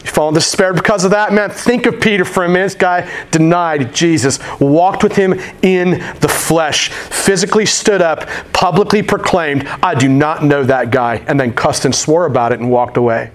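A male pastor delivering a sermon in a loose, slangy voice that sits a little high. He tells his stories with animated energy and talks to the crowd like friends. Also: moderate pace, hardly any pauses. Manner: casual, slangy, animated storytelling.

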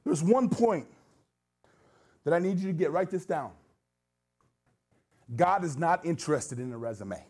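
A man's voice: on the high side, lively intonation, a little slow, long pauses, a little mellow, slightly rough. An American man preaching a sermon in a church, telling his story casually and then pressing his listeners with urgent exhortation. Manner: earnest, building to urgent exhortation. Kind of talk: sermon with personal testimony. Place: church sanctuary.

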